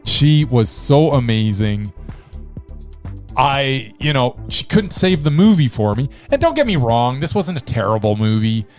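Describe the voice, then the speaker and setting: A man's voice: mid-range voice, very animated, measured pace, soft background music. A man co-hosting a film review podcast, chatting casually and enthusiastically. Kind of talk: casual chat.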